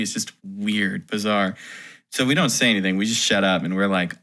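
A man's voice: deep voice, moderate pace, bright, forceful tone. A man, a touring musician, telling a story in casual podcast chat, rambling and full of "like". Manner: rambling, heavy use of "like".

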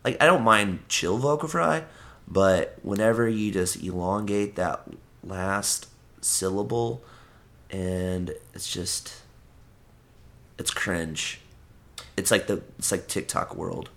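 A man with a lowish voice talks casually as a podcast guest. He rambles, swears freely and keeps restarting his sentences. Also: slow pace, gravelly, pauses often, a bit bright. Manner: rambling and profane, with frequent restarts. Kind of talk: casual chat.

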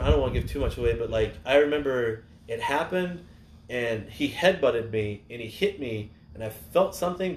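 Animated, swearing man in a roomy room. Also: medium pitch. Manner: animated, swears freely, loud when acting out scenes. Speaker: podcast co-host and wrestler. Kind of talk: casual storytelling. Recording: roomy studio with faint hiss.

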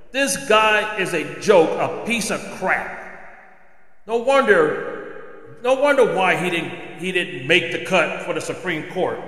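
A man's voice: high voice, sharp tone. A man hosting a solo opinion podcast, ranting indignantly and firing off rhetorical questions. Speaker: podcast host. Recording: echoey room with long reverb.

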